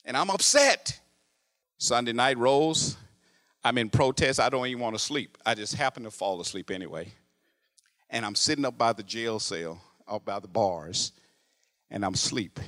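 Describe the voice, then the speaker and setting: A male preacher telling a story in a sermon, dropping to a hush, then rising to loud, animated exclamations. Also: fairly low pitch. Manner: animated, swinging from hushed narration to loud exclamations.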